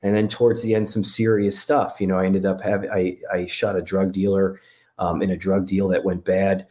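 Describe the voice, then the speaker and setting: A man from Connecticut talking candidly as an interview guest, halting with many restarts. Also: deep voice, flat delivery, warm tone. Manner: halting, lots of restarts and fillers. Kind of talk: candid personal conversation.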